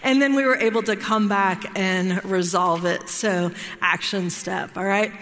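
Woman, workshop teacher, bright and forceful tone, chatty delivery that keeps asking "right?", long hall reverb. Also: mid-range voice, fairly even intonation, measured pace. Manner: checks in often with "right?" and "all right?". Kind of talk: conversational teaching talk.

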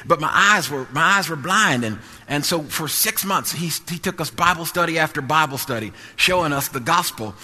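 A man's voice: a little high, lively intonation, moderate pace, hardly any pauses, bright, forceful tone, in a large hall. A man preaching a testimony sermon with emphatic, repetitive phrasing that builds to sung-out peaks.

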